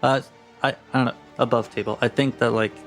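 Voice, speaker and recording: A man playing the captain in a tabletop game, speaking in a measured way. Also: medium pitch, steady tone, soft background music. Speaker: player, ship captain. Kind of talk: tabletop role-play.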